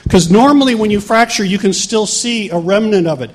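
A man's voice: high-pitched, fairly quick. A middle-aged male pastor telling a healing story in a sermon, acting out the people he quotes. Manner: animated, acts out quoted voices.

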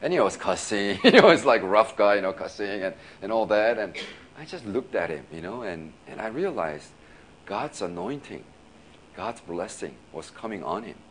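A man with a fairly low voice preaches like he is chatting with friends, laughing easily and circling back over his words. A soft rumble sits faintly under the recording. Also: lively intonation, normal speed. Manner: casual, laughing often, many restarts and "you know". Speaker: pastor. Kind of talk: sermon storytelling.

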